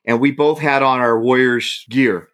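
A man from the San Francisco Bay Area, a guest telling a story in casual chat, animated and laughing as he acts out what people said. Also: medium pitch, unhurried.

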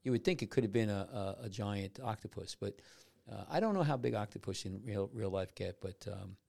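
Podcast guest, gravelly low man's voice, rambly, restarts a lot. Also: expressive, brisk, darkish tone. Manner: rambling with many restarts and fillers. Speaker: podcast guest answering trivia. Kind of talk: casual podcast chat.

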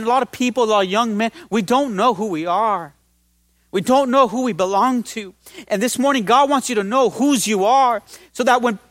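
Man, pastor, energetic sermon, high voice, dry recording. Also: dry recording. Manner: energetic, call-and-response exhortation.

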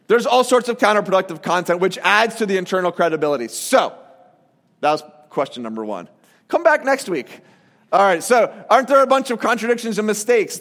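High-voiced pastor preaching in a reverberant hall. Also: male voice. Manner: animated, conversational, acts out quoted voices. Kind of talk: sermon.

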